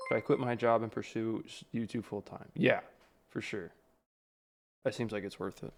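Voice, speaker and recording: A man's voice: on the low side, fairly even intonation, moderate pace, a little hiss or hum. A man streaming, chatting casually and rambling through stories with lots of filler words. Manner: rambling, filler-heavy storytelling. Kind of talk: casual livestream chat.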